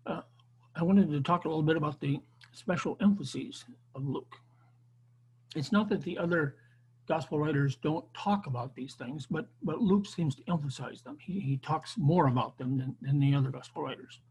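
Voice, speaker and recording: Male Bible teacher on a video call, fairly high voice, unscripted lecture. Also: normal speed, a little mellow, breathy edge, rough recording. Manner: unscripted, with frequent restarts and fillers. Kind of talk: online Bible class lecture.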